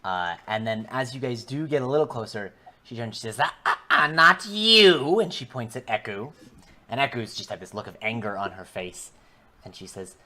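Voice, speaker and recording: Very low-voiced woman game master. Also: fairly quick. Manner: casual, descriptive, hesitant fillers. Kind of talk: narrating a tabletop game.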